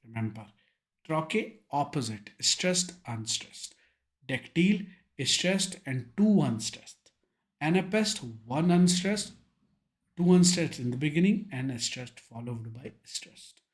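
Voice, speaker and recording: A man's voice: fairly high pitch, lively intonation, slow pace. An emphatic young male teacher with an Indian English accent, running through exam revision points. He drills key terms one by one, slipping Hindi words into his English. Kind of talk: online revision lecture.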